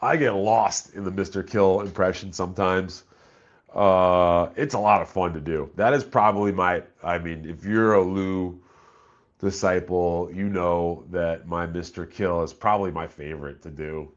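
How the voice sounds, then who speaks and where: A man's voice: low-pitched, fairly even intonation, unhurried, muffled recording. A man chatting casually on a live stream, laid-back and profane, reading chat messages aloud.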